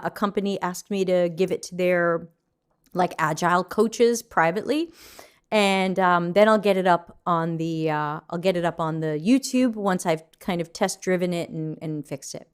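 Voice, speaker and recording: Her voice is fairly low, clear and resonant, moving at a moderate pace. A middle-aged woman, she's hosting a casual livestream Q&A while yawning and waking up, reading comments from viewers aloud in loose chat.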